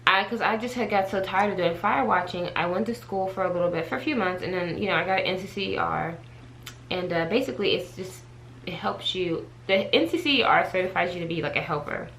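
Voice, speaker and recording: A woman vlogger chatting to her viewers in a casual storytime, animated and talkative as she addresses them directly. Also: lowish voice, brisk, slight background noise, poor audio. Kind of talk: casual storytime chat to camera.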